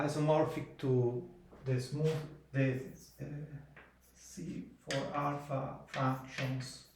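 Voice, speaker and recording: Slow, halting man lecturing from afar. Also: medium pitch, darkish tone, slight background noise. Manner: slow and halting, pausing between phrases. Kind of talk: mathematics lecture. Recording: echoey room, voice from far off.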